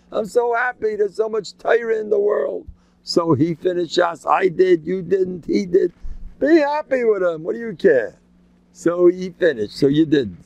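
A man giving an informal, joking religious talk, animated and acting out quotes in sudden high voices. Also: creaky, no room sound. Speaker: religious lecturer. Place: local community gathering.

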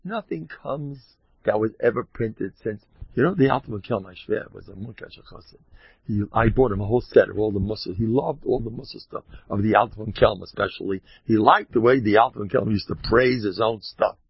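A man's voice: on the low side, moderate pace, creaky, breathy edge, no echo. A man giving an informal Torah talk as a rabbi, mock-boasting with wry sarcasm, rambling through asides and sprinkling in Hebrew and Yiddish terms. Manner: rambling, self-interrupting asides. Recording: dull lo-fi recording.

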